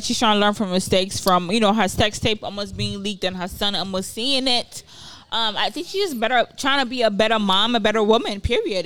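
A woman's voice: mid-range voice, a bit bright. A young woman co-hosting a podcast, chatting casually and animatedly, laughing often and breaking off mid-sentence. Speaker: podcast co-host. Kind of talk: casual chat.

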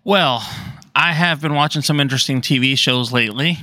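A man's voice: mid-range voice, brisk, sharp tone, no echo, clean studio sound. A man co-hosting a film podcast, chatting casually and rambling with many restarts. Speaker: podcast co-host. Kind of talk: casual chat.

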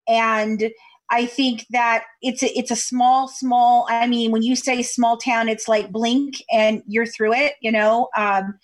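Podcast guest, woman from Kentucky, higher voice, rambling storyteller on a video call. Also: fairly even intonation, slow. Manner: chatty storyteller with many fillers. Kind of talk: casual interview chat over video call.

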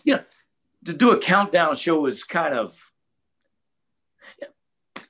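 Man, older, radio host, husky, fairly high voice, lively pitch, earnest, casual chat. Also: takes it slowly, long pauses. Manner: earnest and reflective, repeats words as he thinks.

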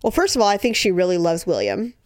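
A woman hosting a podcast in casual chat, talkative and animated, filling her talk with "you know" and "like" as she reads out listener stories. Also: lowish voice, quick pace, no room sound, studio quality. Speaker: podcast host.

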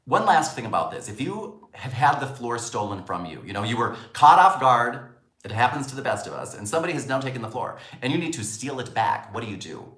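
A man's voice: mid-range voice, brisk. A man teaching a spoken lesson on communication, acting out quoted lines as he goes. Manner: animated, acts out quoted lines. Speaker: communication coach. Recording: roomy echo.

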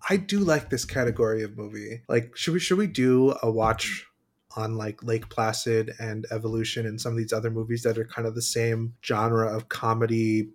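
A man's voice: on the low side, fairly even intonation, normal speed. Wry male podcast co-host. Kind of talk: casual chat.

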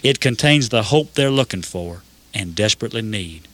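A man voicing a stern but caring prison captain with a Georgian accent, speaking firmly and slowly. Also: on the low side, expressive, a bit bright.

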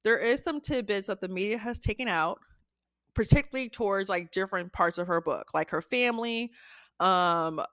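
A woman co-hosting a podcast in a casual chat, animated and chatty, swearing freely. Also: medium pitch, moderate pace, no room sound, studio quality. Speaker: podcast co-host.

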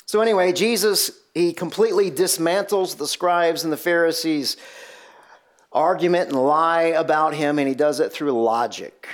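A man's voice: a little high, moderate pace. A man preaching an expository sermon in a conversational, emphatic way, often asking rhetorical questions. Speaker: pastor.

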